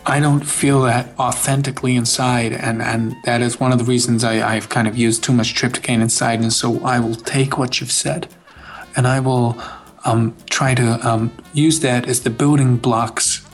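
A man's voice: mid-range voice, level tone, faint music behind, lightly acted. Man playing an earnest FBI agent in recovery. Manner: earnest, halting, therapy-speak.

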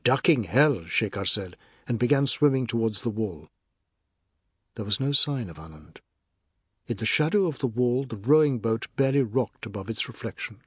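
A male audiobook narrator with a husky, mid-range voice reads scripted narration in a measured, even storytelling manner. The recording is dry and studio-clean.

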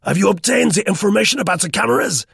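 A man putting on a squeaky, irritable official. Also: expressive, fast talker, creaky, fairly bright tone, breathy edge, no room sound, studio quality, heavily acted. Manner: shrill and scolding.

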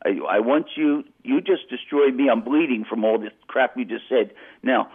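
A man's voice: medium pitch, moderate pace, hardly any pauses, husky. A man telling a long story as a guest on a call-in radio show, acting out what others said, heard over a tinny phone line. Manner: animated anecdote with acted-out quotes.

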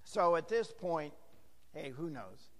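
A hoarse, gravelly-voiced man preaching a verse-by-verse sermon as pastor, chatting with jokes to the congregation in a church. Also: high-pitched, lively intonation, takes it slowly, long reverb tail. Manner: chatty, joking asides to the congregation. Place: church sanctuary.

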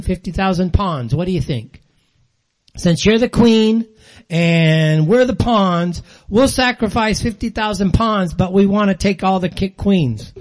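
An older man hosting a show, delivering an angry, sarcastic monologue in blunt, ranting commentary. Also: high-pitched. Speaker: show host.

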